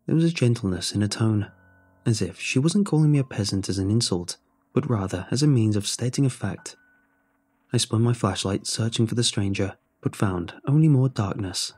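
Low husky male horror narrator. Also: expressive, normal speed, a little mellow, soft background music.

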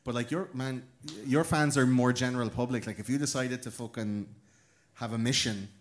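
A man's voice: medium pitch, fairly even intonation, normal speed. A man hosting a podcast, trading crude jokes and laughing in casual banter. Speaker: podcast host.

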